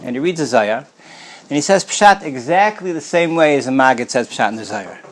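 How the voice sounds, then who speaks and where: A man teaching a Torah class as a rabbi, telling stories in a casual way, clearing his throat often and starting words over while mixing in Yiddish and Hebrew terms. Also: mid-range voice, lively intonation, a little fast. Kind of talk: storytelling Torah lecture.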